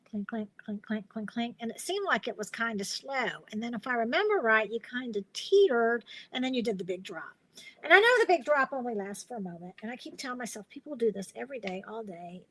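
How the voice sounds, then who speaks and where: Middle-aged woman, chatty live-stream craft host, slightly high pitch, loose storytelling. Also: fairly bright tone, no echo, low-quality recording. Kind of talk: casual live-stream chat.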